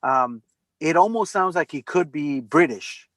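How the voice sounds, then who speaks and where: A man's voice: on the high side, expressive, a little slow, fairly bright tone. A man in casual chat who chimes in often and agrees with the others. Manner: agreeable, chiming in.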